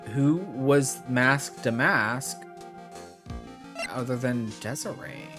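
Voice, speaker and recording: A man streams a game and chats over it, amused and quick to laugh. His voice bounces lively up and down, and game music plays clearly behind him. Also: medium pitch. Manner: chatty, amused, laughs often. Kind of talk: casual gameplay commentary.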